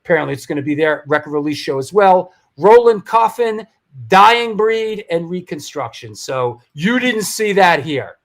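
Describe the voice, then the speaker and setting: A man's voice: high-pitched, lively intonation, moderate pace. A man hosting a live talk show, reading sponsor plugs and event listings in a loose, hyped way with frequent restarts. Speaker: show host. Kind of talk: livestream talk show chat.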